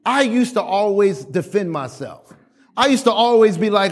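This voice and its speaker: High-pitched man preaching emphatically. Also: big pitch swings, fairly quick. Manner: emphatic call-and-response preaching; repetitive, exhorting, varies volume widely. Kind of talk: sermon.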